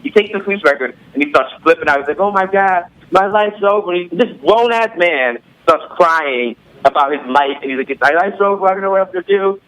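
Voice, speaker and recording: Male storyteller, sharp forceful tone, animated, acts out the characters. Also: sits high, brisk, few pauses, low-quality recording. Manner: animated, acts out quoted voices, profane. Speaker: podcast guest or co-host.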